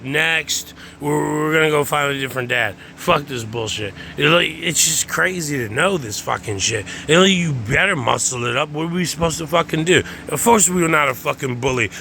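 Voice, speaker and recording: Gravelly, bright-voiced man ranting profanely. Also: fairly high pitch, moderate pace, few pauses, a little hiss or hum. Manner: profane, repetitive, chanting phrases over and over. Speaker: host. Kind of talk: rambling stream-of-consciousness monologue.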